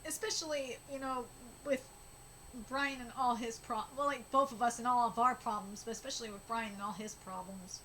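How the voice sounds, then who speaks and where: A high-voiced woman reacts live to a manga chapter, her speech halting and full of restarts. Steady noise and clicks sit behind her voice. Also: rough recording. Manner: emotional, halting, many restarts.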